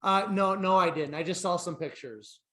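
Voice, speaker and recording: A man hosting an interview, asking questions haltingly with many fillers, heard from a distance from the mic. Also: high-pitched, pushed and bright. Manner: hesitant, halting, full of fillers. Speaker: podcast host, interviewer.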